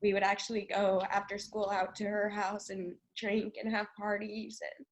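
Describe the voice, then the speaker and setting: A woman taking part in a spiritual reading, telling her story hesitantly and with halting fillers. Her pitch stays flat, with little rise or fall. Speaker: reading participant.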